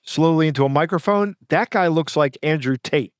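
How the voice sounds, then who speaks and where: A relaxed man co-hosting a podcast, chatting in a loose, conversational way that sometimes stalls for a word. His voice sits a bit high for a man. The sound is close and dry. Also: moderate pace, dry recording. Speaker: podcast co-host. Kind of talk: casual chat.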